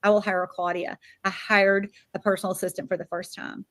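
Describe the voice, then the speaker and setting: An older woman from Florida, a sales director, gives a keynote as a motivational storytelling speech. Her mid-range voice is brisk and animated, and she acts out the quoted dialogue.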